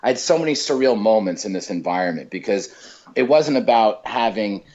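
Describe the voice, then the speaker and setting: A male comedian telling stories in a casual chat, talking in quick bursts with lots of fillers and restarts. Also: lowish voice, dull audio. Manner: animated storyteller, many fillers and restarts. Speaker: comedian guest.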